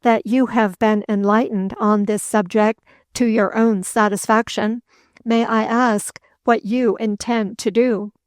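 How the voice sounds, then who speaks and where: A woman reading an audiobook, voicing a calm English gentleman who speaks in a cool, mildly mocking way. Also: on the high side, unhurried, no echo, clean studio sound, lightly acted. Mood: calmly mocking.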